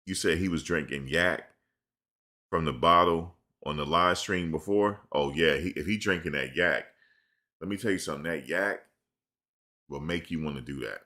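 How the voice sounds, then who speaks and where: A man's voice: rumbling low, normal speed, bright, forceful tone. A man chatting on a live stream, rambling loosely through stories in slang and reading viewers' questions aloud. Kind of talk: casual live-stream chat. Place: at home in front of a camera.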